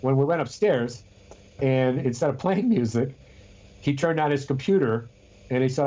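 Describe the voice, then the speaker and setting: A man's voice: mid-range voice, moderate pace, mellow, muffled recording. A man co-hosting a podcast in casual chat, rambling and telling stories with frequent restarts. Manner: rambling, restarts often, storytelling. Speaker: podcast co-host.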